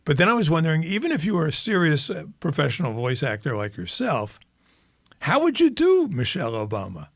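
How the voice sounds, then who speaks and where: Lively gravelly man chatting on a podcast. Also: on the high side, brisk, no echo, clean studio sound. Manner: animated storyteller, laughs often. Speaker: podcast co-host and author. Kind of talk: casual podcast chat.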